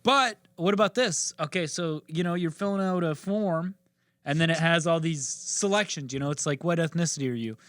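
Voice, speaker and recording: A man's voice: fairly high pitch, normal speed, fairly bright tone, dry recording. A man co-hosting a comedy podcast, chatting casually, laughing often and slipping into mock voices. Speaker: podcast co-host.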